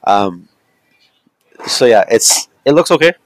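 A man's voice: medium pitch, animated, takes it slowly, dry recording, low-quality recording. A man chatting casually as a podcast co-host, rambling loosely with lots of fillers and asides. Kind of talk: casual chat.

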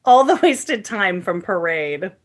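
A woman's voice: medium pitch, sing-song, takes it slowly, slight background noise. A woman guest on an interview, chatting casually and playfully, laughing often. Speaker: guest, Broadway performer.

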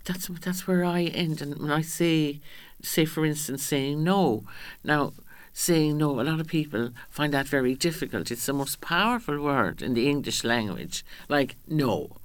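A woman's voice: deep voice, expressive, moderate pace, clean tone, no room sound. A woman, speaking as a guest in a radio interview. She talks in a chatty way, often restarts her sentences and acts out the voices she quotes.

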